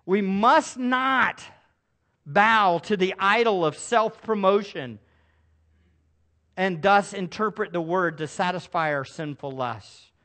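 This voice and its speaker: A man's voice: high-pitched, takes it slowly, pushed and bright. A male pastor preaching a sermon to a congregation, emphatic and calling for responses. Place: church service with a congregation.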